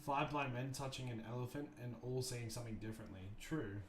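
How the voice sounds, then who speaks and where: A man hosting a livestream, chatting casually and thinking out loud, restarting his sentences often. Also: medium pitch, brisk, a little hiss or hum. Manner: rambling, thoughtful, many restarts and fillers. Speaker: livestream host. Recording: roomy echo, faint music behind.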